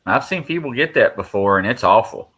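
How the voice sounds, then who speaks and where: A man's voice: medium pitch, animated, brisk, fairly bright tone, breathy edge. A man hosting a casual live podcast, reading listener questions and teasing his co-hosts with a playful, laughing manner.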